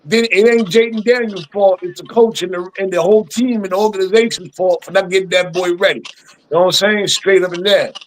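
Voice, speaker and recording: A man in a casual sports chat who argues for his team in an emphatic, excitable way. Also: sits high, brisk, slight background noise, poor audio. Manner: emphatic, excitable, stubborn fan.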